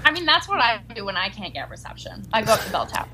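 A woman's voice: mid-range voice, quick pace, a little hiss or hum. A woman guest on a casual podcast, tossing in short playful quips. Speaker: podcast guest, cast member. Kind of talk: casual chat. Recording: lively crowd behind her.

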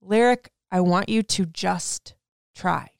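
A woman's voice: fairly low pitch, slow pace, creaky, no echo, clean studio sound. A young woman hosting a podcast, speaking emotionally and tearfully as she gives advice to her young son, then thanks her listeners. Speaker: podcast host. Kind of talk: heartfelt podcast monologue.

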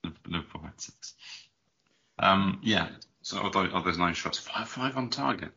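Deep gravelly guy co-hosting a podcast, stumbles over words, kinda sharp edge to it. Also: animated, normal speed, highs cut off. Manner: stumbles and repeats words as he talks. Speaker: podcast co-host. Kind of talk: casual podcast chat.

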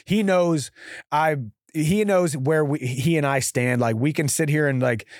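A man's voice: fairly high pitch, a little slow, no echo, studio quality. A man in his thirties hosting a casual podcast chat, rambling and restarting his sentences. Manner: chatty, rambling with frequent restarts. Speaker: show host.

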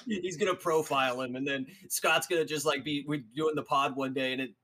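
A young man co-hosting a podcast over a video call, telling animated stories and acting out other people's lines. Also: fairly high pitch, a little fast. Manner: animated storytelling, acts out quotes. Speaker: podcast co-host. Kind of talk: casual banter.

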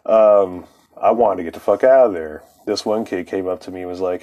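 A man's voice: deep voice, steady tone, normal speed, dark tone. A man telling a rambling, profane personal story in a casual way, often laughing between lines.

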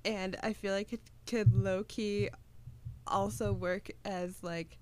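A woman's voice: mid-range voice, fairly even intonation, slow pace, mellow. Giggly young woman gushing about a show. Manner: giggly, gushing, lots of fillers. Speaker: podcast co-host. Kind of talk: casual chat.

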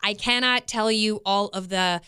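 Bright, lively woman podcast co-host. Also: mid-range voice, unhurried, clear, resonant tone. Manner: animated storyteller, laughs often. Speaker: radio co-host. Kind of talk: casual podcast chat.

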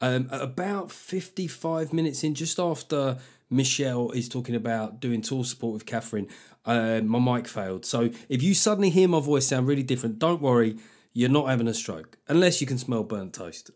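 A man's voice: mid-range voice, moderate pace, darkish tone. Rambling man hosting a podcast. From South London, England. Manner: rambling, sweary, self-deprecating. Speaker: podcast host. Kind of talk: casual podcast chat.

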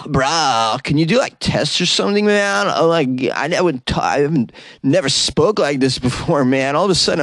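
A man putting on the voice of a loud, slangy surfer-dude patient talking to his doctor. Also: on the high side, dry recording, clean studio sound, pitched above the performer's own voice, heavily acted.

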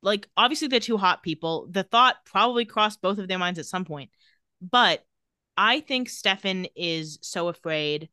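A podcast co-host, a woman with a fairly low, smooth voice, animatedly recaps a TV episode in a casual way and voices the characters' lines herself. The clean studio recording carries no room sound.

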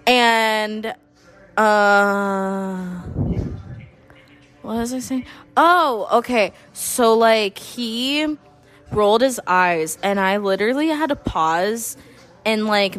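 A woman's voice: medium pitch, a bit bright. Tipsy young woman rambling. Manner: rambling, profane, losing the thread. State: tipsy from drinking. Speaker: student friend. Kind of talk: joking mock news-anchor banter.

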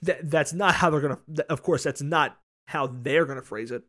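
A man's voice: fairly high pitch, normal speed, a bit bright. Rambling, swearing male podcast co-host. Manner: rambling, repeats words, swears. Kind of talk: casual sports chat. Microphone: podcast microphone.

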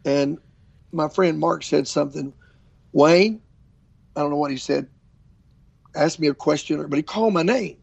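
A man's voice: on the high side, moderate pace, vocal fry, breathy edge, dry recording, highs cut off. An older man, an evangelist telling stories in a casual interview and acting out what people said. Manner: animated storyteller, acts out quotes. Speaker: traveling evangelist preacher.

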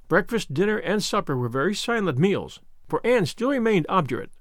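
Male storybook narrator, high and lively, dry booth sound. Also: a little fast, few pauses, dry recording. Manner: expressive, animated. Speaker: audiobook narrator.

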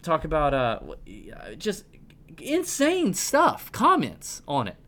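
Excitable male podcast host on a rant. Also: on the high side, unhurried. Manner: animated ranting, stumbling restarts. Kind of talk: casual podcast chat.

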